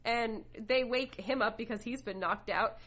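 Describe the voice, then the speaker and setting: A woman's voice: fairly high pitch, unhurried. A young woman co-hosting a podcast, casually telling a role-play story, full of "like" and acted-out quotes. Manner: animated, acts out quotes, frequent "like". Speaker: podcast co-host.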